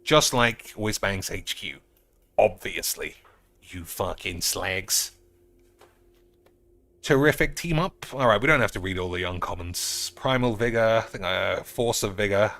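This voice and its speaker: A man casually commenting on cards while streaming a game, sarcastic and crude, swearing often and breaking into loud outbursts. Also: fairly low pitch, moderate pace.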